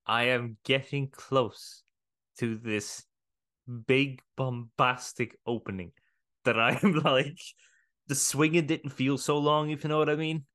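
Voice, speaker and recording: Excitable rambling male podcast co-host. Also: mid-range voice. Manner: excitable, rambling, swears casually. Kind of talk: casual chat.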